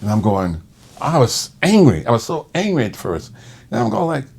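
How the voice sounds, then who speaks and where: A man who works as a respiratory therapist, telling a personal story in conversation in an animated way. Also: medium pitch, normal speed, gravelly, husky. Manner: animated, acts out quoted voices.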